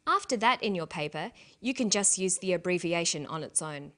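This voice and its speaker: A woman narrating an English lesson, speaking slowly and carefully and spelling out letters one by one. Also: lowish voice, expressive. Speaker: English teacher. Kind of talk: scripted language lesson narration.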